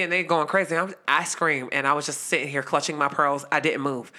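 A woman's voice: sits low, brisk. A woman in her twenties telling a story in a casual chat, acting out the quoted lines as she goes. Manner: animated, acts out quoted lines, laughs while telling.

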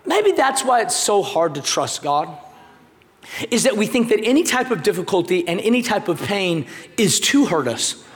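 A very high-pitched man preaching in a big, echoey hall. His voice leaps and swoops as he jokes and then drives his points home with sudden shouts. The long reverb trails after each line. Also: normal speed. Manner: animated, jokey, emphatic preaching with sudden shouts. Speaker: pastor. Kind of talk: sermon.

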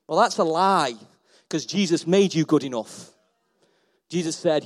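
A man delivers a sermon to a church hall, with a fairly high pitch for a man. He talks with passion and repeats his phrases for emphasis. His voice swells loud and then drops soft. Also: a little slow, pauses often. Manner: passionate, rising and falling in volume, repeats phrases. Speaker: pastor.

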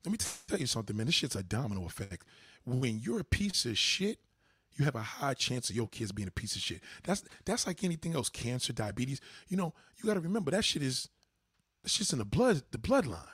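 A man hosting a livestream, delivering a profane, heated rant at his chat and swinging from low mutters to high outbursts. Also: big pitch swings, a little fast, a bit bright, breathy edge, no echo, studio quality. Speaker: livestream host. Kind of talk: ranting monologue to a live chat.

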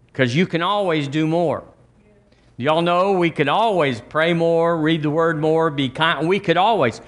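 A middle-aged man preaching a sermon as pastor, folksy and conversational with quick asides. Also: mid-range voice.

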